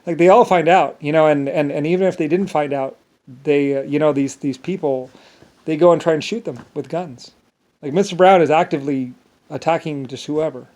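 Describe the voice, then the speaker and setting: A man's voice: a little high, moderate pace, a little mellow. A man talking alone in a meandering monologue, full of restarts and filler words. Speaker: solo vlogger. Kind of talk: rambling monologue.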